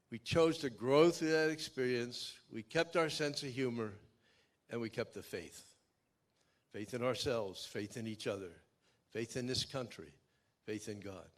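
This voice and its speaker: An older man giving a keynote speech, telling a dramatic personal story in a folksy way that swings from loud to hushed. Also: medium pitch. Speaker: keynote speaker. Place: outdoor memorial event.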